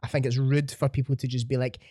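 Podcast host, sweary and blunt, close dry sound, middle pitch. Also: male voice, little pitch movement, fast, dark tone, no room sound. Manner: blunt, sweary, emphatic ranting. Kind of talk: casual opinionated chat.

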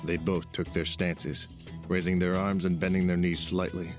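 A man with a very deep voice narrates a novel chapter in a steady storytelling manner. Clear music plays underneath him. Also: normal speed. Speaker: audiobook narrator. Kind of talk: scripted narration.

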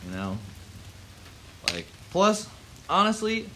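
A man's voice: sits high, huge pitch swings, slow pace, bright, forceful tone, slight background noise. A man, ranting heatedly and profanely on his porch, dropping "man" and "yo" throughout. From Baltimore, Maryland. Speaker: vlogger. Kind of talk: profane outdoor rant. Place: front porch outdoors in the rain.

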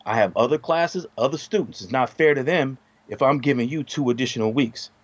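A middle-aged man telling a story in casual podcast chat, profane and animated, his voice jumping up when he gets heated. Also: mid-range voice, fairly quick, dry recording, muffled recording. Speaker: podcast co-host.

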